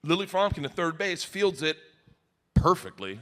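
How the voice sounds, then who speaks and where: Brief: middle-aged man, stand-up storyteller, high-pitched and wildly animated, shouts the big lines. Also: normal speed. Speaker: stand-up comedian. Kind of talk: stand-up comedy set. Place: comedy club stage with audience. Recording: live stage recording with audience noise.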